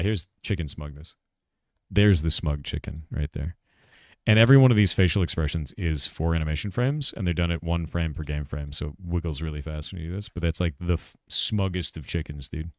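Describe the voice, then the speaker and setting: A middle-aged man streaming a casual chat about making his game, laid-back and quick to laugh, calling people "dude" and reading chat questions aloud. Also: deep voice, no room sound, clean studio sound. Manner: reads chat questions aloud and answers them.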